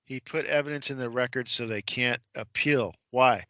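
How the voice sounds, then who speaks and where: Bright-voiced man telling an emphatic story. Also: mid-range voice, normal speed, dry recording, highs cut off. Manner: retells courtroom scenes, imitating the judge's voice; emphatic, repeats points with rhetorical questions. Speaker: guest. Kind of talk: conversational storytelling on a radio show.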